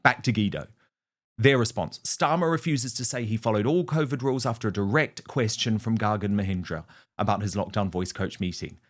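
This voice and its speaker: A man's voice: fairly low pitch, a little fast. A man hosting political commentary, scornful and punchy, mocking his targets. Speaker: host.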